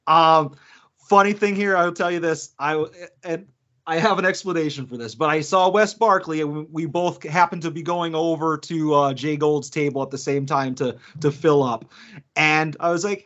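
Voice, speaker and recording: A man's voice: on the high side, moderate pace. A man co-hosting a podcast, telling stories casually, acting out quotes and laughing often. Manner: animated storyteller, acts out quotes, laughs often. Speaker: podcast co-host. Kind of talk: casual chat. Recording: dull lo-fi podcast audio.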